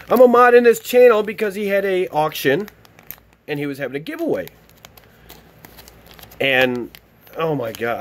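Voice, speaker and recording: Man, excited unboxing vlog chat, gushing, high-pitched, very lively delivery. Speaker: YouTube vlogger opening mail.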